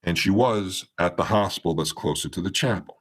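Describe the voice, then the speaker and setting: A man's voice: low voice, a little fast. A man appearing as a podcast guest, telling a long story in a meandering way, restarting sentences and acting out the dialogue. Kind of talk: storytelling in a casual interview.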